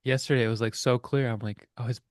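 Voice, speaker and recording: A man's voice: mid-range voice, steady tone, fast, clean tone, no echo, studio quality. A young adult man co-hosting a casual reflective chat over a video call, talking in an earnest, rambling way as he searches for words. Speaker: co-host.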